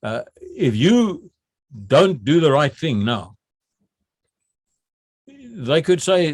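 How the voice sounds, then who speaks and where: An older man from South Africa, a retired general telling stories from his military training, often repeating words as he starts and acting out shouted drill calls. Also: mid-range voice, expressive, unhurried, pauses often, breathy edge, no room sound, studio quality. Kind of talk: recounting memories.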